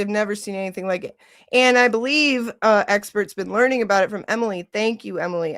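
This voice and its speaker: A woman from Michigan hosting a livestream, chatting casually and ranting with lots of "like" and swearing. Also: mid-range voice. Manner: animated, ranting, heavy use of "like", swearing. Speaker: livestream host.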